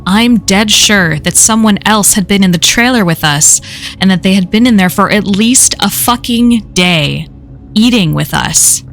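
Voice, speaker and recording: Streamer reads a horror story aloud: woman, mid pitch, casual and profane, soft music behind. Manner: casual first-person storytelling with frequent swearing.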